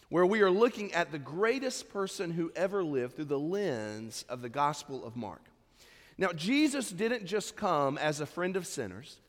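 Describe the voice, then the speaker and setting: A man preaching a sermon as pastor, telling a story in a conversational way before moving into scripture. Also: high-pitched. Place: large church sanctuary. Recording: long hall reverb.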